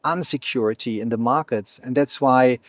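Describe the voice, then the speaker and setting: This guest is a man who founded an exchange, chatting in an interview at an event venue with fluent speech peppered by fillers and restarts. The mid-range voice moves at normal speed, in clean studio sound with no room sound.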